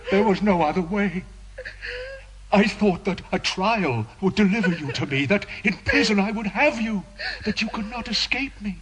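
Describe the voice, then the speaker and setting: An actor playing a tormented, obsessive priest in a radio drama, pleading and anguished, swinging between hushed murmurs and shouts. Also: male voice, sits high, animated, moderate pace, husky, heavily acted, low-quality recording. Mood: anguished confession. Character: tormented obsessive male priest, middle-aged.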